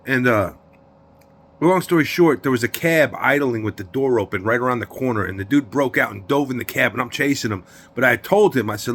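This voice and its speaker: A man's voice: medium pitch, fairly quick. Streetwise New man telling a story. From New York. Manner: streetwise slang, emphatic and animated. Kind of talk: storytelling in an interview.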